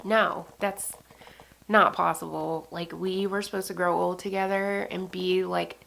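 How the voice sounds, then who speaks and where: A woman's voice: mid-range voice, gravelly, fairly bright tone. A woman in her thirties, a vlogger, telling a painful personal story in a casual, emotional way, full of fillers and swearing. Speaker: beauty vlogger.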